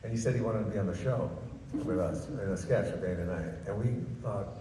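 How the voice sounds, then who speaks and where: A man's voice: fairly low pitch, fairly quick. An older man, a comedian, telling stories on stage in a chatty, self-amused way, in a large ballroom. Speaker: guest comedian. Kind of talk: storytelling on stage. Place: large ballroom at a book festival. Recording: echoey hall, far from mic, noisy.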